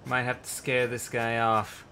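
A man commentating a survival building game as he plays, excitable and quick to yelp in panic or laugh at mishaps. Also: mid-range voice, slight background noise. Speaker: gaming channel host. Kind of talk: let's play commentary.

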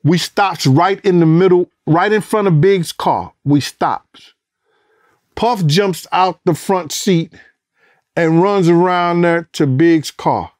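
A middle-aged man recounts a night in a casual interview, his voice sitting a touch high for a man. He talks in an animated, profane way and acts out the voices of others and gunshot sounds. The sound is dry and close, with no room echo. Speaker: former bodyguard telling a story.

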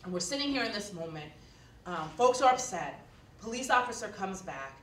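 A woman's voice: mid-range voice, lively intonation, moderate pace, fairly bright tone, distant mic, a little hiss or hum. Earnest woman telling a story in an echoey hall. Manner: earnest, conversational, with frequent fillers. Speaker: keynote speaker. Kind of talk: storytelling keynote address. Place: lecture hall. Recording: echoey hall recorded from afar.

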